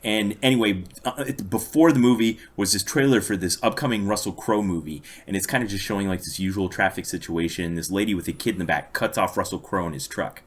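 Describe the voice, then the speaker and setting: An American man co-hosting a podcast tells long stories in casual chat, his low-side voice moving quickly with few pauses. He comes across as dryly amused.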